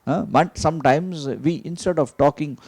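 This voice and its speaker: A man's voice: a little high, moderate pace, darkish tone, dry recording. A man giving an emphatic motivational teaching talk, repeating key phrases and asking rhetorical questions. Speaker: motivational speaker.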